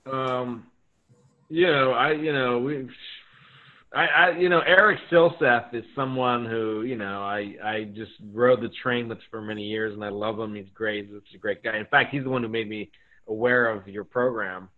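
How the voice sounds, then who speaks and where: Guy on a tinny phone-like line, podcast guest, eager questions, kinda halting. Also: mid-range voice. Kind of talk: casual chat.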